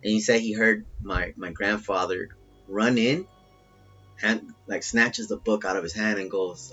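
Casting: husky, lowish male storyteller, swears a lot, rambles, dull lo-fi sound with faint music behind. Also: measured pace. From Salvadoran family. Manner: profane, rambling, animated when telling the story. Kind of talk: casual storytelling.

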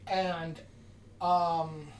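A casual podcast storyteller who rambles and acts out every quoted exchange. The voice sits at a middle pitch and sounds roomy, picked up from a distance by the mic with faint ambience behind it. The delivery is loose and conversational. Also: very slow, a little hiss or hum. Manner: rambling, animated retelling with quoted dialogue. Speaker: podcast host. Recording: distant mic in an echoey room.

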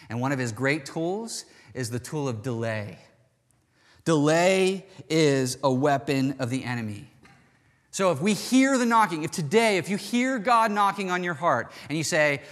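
A man preaching a sermon with a stuffy nose, swinging between loud urgency and soft, intimate pleading. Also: mid-range voice, long reverb tail.

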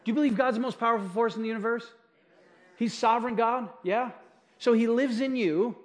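A man's voice: very high voice, brisk. A middle-aged male pastor preaching from a church stage, telling stories about his own mistakes in a chatty, self-deprecating way with frequent asides to the congregation. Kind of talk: sermon.

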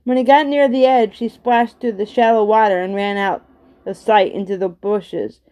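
A woman's voice: mid-range voice, steady tone, normal speed, mellow. A woman reading a children's chapter book aloud, giving the characters' lines with only light changes in her voice. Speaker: reader. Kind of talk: storybook read-aloud.

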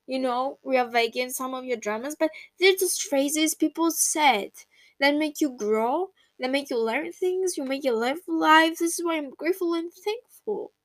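A woman's voice: sits high, no echo. A young woman hosting a reflective personal monologue, candid and emotional, swearing casually. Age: young adult. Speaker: podcast host.

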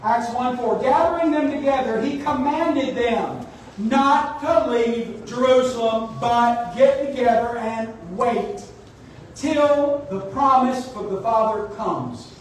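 Impassioned pastor, high voice, echoey sanctuary. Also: male voice, slow pace, slight background noise. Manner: emphatic, rising to exhortation. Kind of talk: sermon. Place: church sanctuary. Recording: echoey church hall, mic at a distance.

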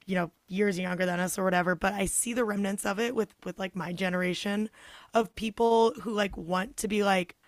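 A young woman co-hosting a podcast in casual chat, animated, acting out quoted voices and swearing freely. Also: mid-range voice, fairly quick, no room sound. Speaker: podcast co-host.

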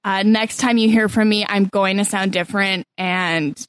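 A woman's voice: medium pitch, steady tone, normal speed, clear, resonant tone, no echo. Wry Canadian woman on a podcast. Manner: wry, playful, with frequent fillers. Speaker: podcast co-host. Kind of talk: casual chat.

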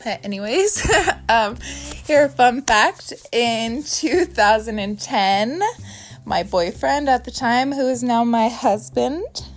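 A woman's voice: fairly high pitch, lively intonation, takes it slowly, faint music behind. A woman in her thirties hosting a casual podcast from her bedroom, talking in a chatty, candid way and swearing freely. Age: 30s. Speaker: podcast host. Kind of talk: casual chat.

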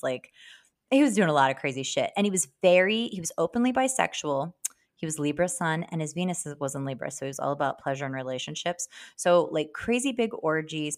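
Animated, swearing woman podcast host. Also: fairly low pitch. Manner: animated, swearing, jumps between topics. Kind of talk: casual chat.

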